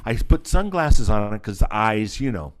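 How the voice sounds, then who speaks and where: Middle-aged man, effects artist guest, low voice, lively swinging delivery, chatty raconteur. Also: moderate pace, clean tone. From Southern California. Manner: animated storyteller, acts out voices, laughs often. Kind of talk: casual storytelling interview.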